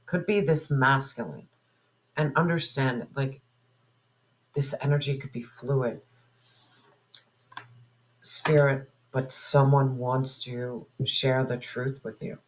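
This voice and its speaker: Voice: medium pitch, steady tone, takes it slowly, long pauses, slight background noise, low-quality recording. A tarot reader giving a spoken reading to viewers, musing aloud and asking spirit questions in an intuitive way.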